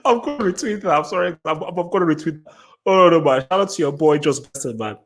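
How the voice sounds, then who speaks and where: A man hosting a live football reaction stream, swinging all over his pitch as he goes. He laughs often and piles up repeated words when he gets worked up. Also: sing-song, a little fast, background noise. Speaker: football channel host.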